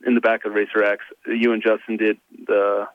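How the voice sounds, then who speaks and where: A man with a lowish voice calls in to a casual chat show. He talks in a halting way, full of fillers and restarts. The line is muffled and lo-fi, and the sound is dry and close. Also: monotone, no echo. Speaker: caller.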